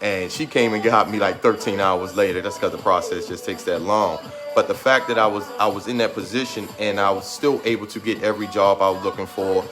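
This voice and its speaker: A man's voice: lowish voice, fairly even intonation, fairly quick. Man, thirties, motivational talk, fervent and emphatic, near tears, music behind. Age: 30s. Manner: trying to hold back tears. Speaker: motivational speaker.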